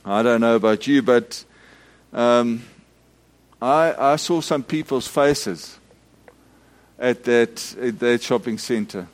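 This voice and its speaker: A middle-aged Methodist minister, giving a storytelling sermon full of restarts and acted-out shouts. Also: male voice, medium pitch, slow, pauses often. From South Africa.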